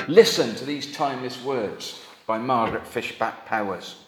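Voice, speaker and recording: A man's voice: medium pitch, unhurried. A middle-aged man preaching a sermon, earnest and conversational, with wry asides. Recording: echoey hall with faint noise.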